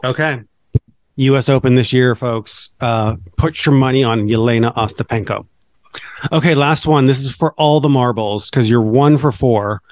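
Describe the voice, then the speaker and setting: A man's voice: medium pitch, moderate pace, no echo. A man co-hosting a casual podcast chat, playfully teasing his partner like a quiz-master. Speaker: podcast co-host.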